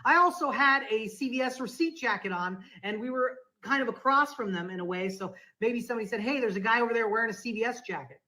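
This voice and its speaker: A woman's voice: fairly high pitch, fast, hardly any pauses, low-quality recording. A woman guest on a podcast telling a story in a conversational way, acting out the lines of the people in it. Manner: animated, acts out quoted dialogue.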